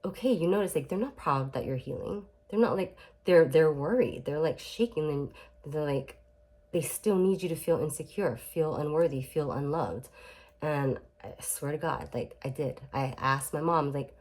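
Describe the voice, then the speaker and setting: Low-voiced woman chatting casually to camera. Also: normal speed, darkish tone. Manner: chatty, frequent fillers and restarts, emphatic swearing. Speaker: self-help vlogger.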